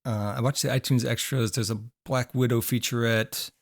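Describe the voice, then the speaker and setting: A man's voice: medium pitch, steady tone, normal speed, gravelly. A man co-hosting a podcast in casual chat, rambling with fillers while losing his voice. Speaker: podcast co-host.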